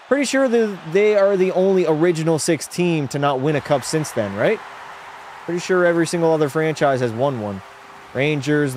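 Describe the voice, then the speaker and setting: Fairly high in pitch, the man's voice comes through with a little hiss or hum. He's a young streamer playing a hockey video game at home, reading viewer chat aloud and chatting casually with plenty of blunt opinions.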